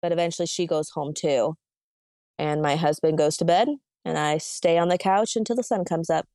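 A woman with a somewhat low voice tells a painful personal story as a podcast guest. She retells it vividly and emotionally, filling the gaps with casual "like"s. The close mic sounds dry, with no room around it. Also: steady tone, normal speed, warm tone, dry recording.

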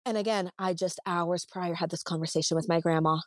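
A woman, a podcast guest, telling her story in a casual, animated way and acting out both sides of a phone argument. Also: on the low side, brisk, no room sound, studio quality.

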